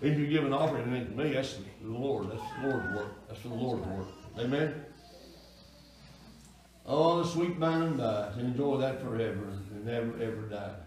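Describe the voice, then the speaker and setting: A man, a pastor preaching a folksy sermon in a church that swells into loud cries. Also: medium pitch, normal speed, slight background noise. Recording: echoey church room from far off.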